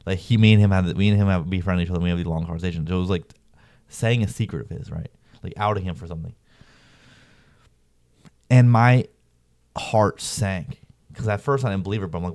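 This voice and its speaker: A man's voice: low voice, fairly quick, long pauses, a little mellow, no room sound. A young man telling a story in a rambling, slangy way, peppered with "bro" and "like". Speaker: vlogger. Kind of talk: casual storytelling.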